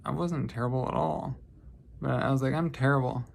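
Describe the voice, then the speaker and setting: A man's voice: mid-range voice, a little fast, vocal fry. A man vlogging, telling casual stories in a rambling, lighthearted way and often correcting himself. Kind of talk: casual storytelling monologue.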